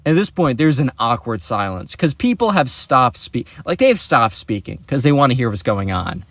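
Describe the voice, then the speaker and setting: A young man telling a story in a casual, animated vlog style, with lots of chatty fillers. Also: mid-range voice, moderate pace, dry recording.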